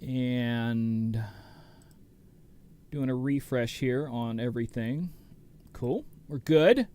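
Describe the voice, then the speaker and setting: A man's voice: mid-range voice, very slow, mellow, smooth. A middle-aged man hosting a DJ livestream, chatting casually and rambling as he greets viewers by name. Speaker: DJ and show host.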